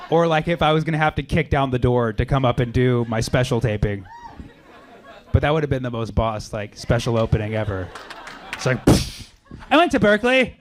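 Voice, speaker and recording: A man's voice: medium pitch, a little fast. A man doing a stand-up comedy set on a club stage, riffing with the audience and punching up his lines. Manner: conversational, riffing with the crowd, loud punchlines. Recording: live club recording with crowd noise and laughter.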